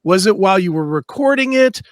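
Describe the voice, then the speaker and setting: A man's voice: high-pitched, expressive, a little fast, dry recording. A man hosting a casual interview, chatty and eager with his questions. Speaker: interview host.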